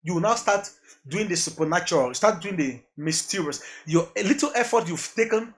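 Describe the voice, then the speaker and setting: A Nigerian music producer on a podcast, mixing in Pidgin, speaks in a somewhat high voice, animated and a little fast. In casual interview chat he's earnest and reflective, repeating himself and laughing a lot.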